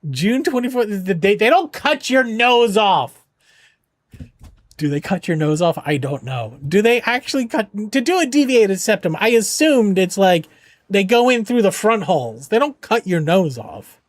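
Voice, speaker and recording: A man with a fairly high voice chats with his stream chat, rambling and joking while reassuring viewers. The sound is dry and close, with no room around it. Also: sing-song, moderate pace, no room sound. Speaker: charity game streamer.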